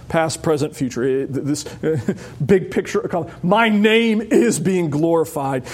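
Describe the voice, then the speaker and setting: Male preacher, high tenor, lively verse-by-verse sermon with playful voices. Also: moderate pace. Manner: animated, acting out voices with sudden high squeals. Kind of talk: expository sermon.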